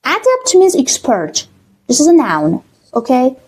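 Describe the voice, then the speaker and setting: A woman English teacher with a Persian accent, explaining exam reading answers slowly, with many fillers and a checking "okay?". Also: high-pitched, huge pitch swings, a little mellow, slightly rough. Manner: slow, many fillers, repeats words with "okay?". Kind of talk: online exam-prep lesson.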